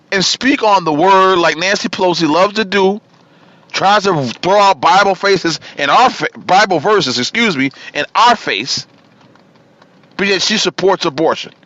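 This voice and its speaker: A man's voice: high voice, lively intonation, normal speed, pushed and bright, no echo, lo-fi sound. A man hosting a political talk show, ranting with fire and repeating himself for emphasis. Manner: fiery, ranting, repeats himself and names his targets. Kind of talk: political talk radio monologue.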